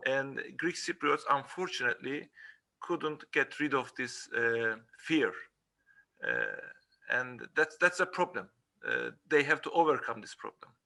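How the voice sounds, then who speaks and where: A man speaking as a guest on a webinar panel over a video call. His voice is gravelly with a very sharp, tense edge. He talks haltingly, with many hesitations between short phrases. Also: mid-range voice, very animated.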